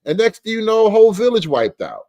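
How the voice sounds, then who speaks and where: A man hosting a comedy commentary show, profane and mocking, stretching out names slowly. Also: sits high, huge pitch swings, warm tone.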